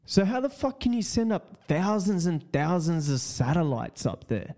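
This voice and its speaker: A man's voice: a little high, sing-song, moderate pace, mellow. Rambling, swearing guy podcasting. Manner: rambling, profane, repeats words. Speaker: podcast host. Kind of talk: casual solo podcast rant.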